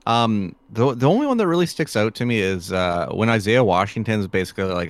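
Low-voiced man, dry close sound. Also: sing-song, no echo. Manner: rambling, measured, trailing off into quiet asides. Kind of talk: casual movie discussion.

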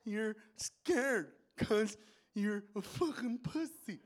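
Comic doing a blunt young heckler, dragged-out slow delivery, stand-up bit. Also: male voice, high-pitched, animated.

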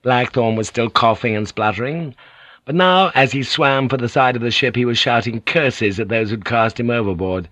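Guy reading a historical novel out loud, dry close mic, acts out the voices. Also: medium pitch, moderate pace, dry recording. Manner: dramatic reading with distinct character voices. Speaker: audiobook narrator. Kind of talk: scripted narration.

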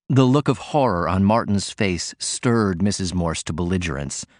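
A man narrating an audiobook in a measured, even way. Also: low voice, dry recording, clean studio sound. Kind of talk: scripted narration.

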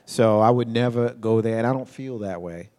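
A man co-hosting a casual chat, measured and hesitant, often restarting when he gives his opinion. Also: medium pitch, mellow. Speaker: podcast co-host. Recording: long reverb.

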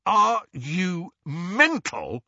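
A man voicing a blunt, awkward young man who talks loudly and haltingly. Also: medium pitch, wildly swooping pitch, slightly rough, no echo, dull audio, exaggerated voice. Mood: shouting.

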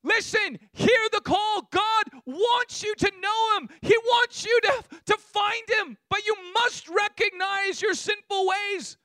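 A male preacher in full sermon, his voice pitched very high and pushed bright and forceful. He builds his points with fervor and rises to shouts. The sound is close and dry. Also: slow pace, few pauses, no room sound. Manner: impassioned, rising to shouts.

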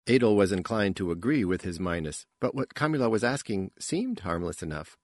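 A man narrating an audiobook in an unhurried, expressive manner. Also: on the low side, no room sound, studio quality. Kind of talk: scripted narration.

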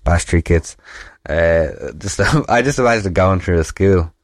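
A man's voice: low voice, unhurried, dry recording, studio quality. A young Irish man hosting a podcast, telling a school story in casual chat, rambling and swearing freely. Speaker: podcast host.

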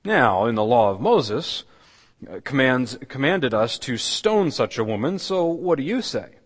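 A man preaching a sermon, retelling a scripture story dramatically and dropping his voice to a near hush. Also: medium pitch, very animated, a little slow, breathy edge, big-room sound. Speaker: pastor. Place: church.

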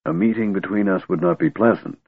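A man voicing a cold, sardonic male mage in an audiobook, speaking quietly and with measured control, on a tinny narrow-band recording. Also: deep voice, creaky, breathy edge, dry recording, heavily acted.

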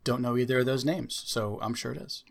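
A man hosting a quiz game in casual podcast banter, dry, slowly spelling out words. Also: mid-range voice, vocal fry. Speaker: quiz host.

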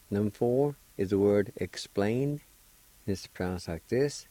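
Slow, low-voiced man teaching words. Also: mellow, dry recording, poor audio. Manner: slow, deliberate, spells syllables one at a time. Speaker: language teacher and radio host. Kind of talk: slow spelling and pronunciation lesson.

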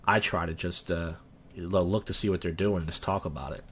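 A man's voice: low-pitched, a little fast, a bit bright, slightly rough. A young man chatting casually as a podcast guest, rambling with restarts and acting out quoted dialogue. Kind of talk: casual chat.

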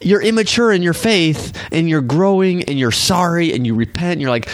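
A young adult man hosting a faith podcast, talking in a casual, animated way and acting out quoted voices. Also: on the high side, moderate pace, no room sound, studio quality. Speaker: podcast host and minister.

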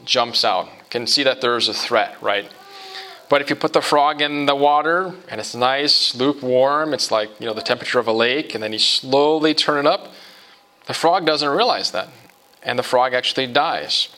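A male pastor delivering a sermon with a bright, forward voice. He talks to the congregation in a relaxed, conversational way and keeps tossing in "right?" to draw them along. His pitch sits right in the middle for a man. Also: normal speed. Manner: conversational, often asks "right?" of listeners. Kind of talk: expository sermon.

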